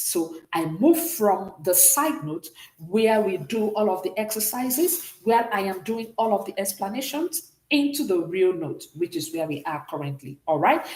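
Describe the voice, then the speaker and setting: A woman's voice: mid-range voice, a little mellow, roomy sound. A woman teaching a beginners' French class, patiently explaining and often checking in with "okay?". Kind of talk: online class lesson.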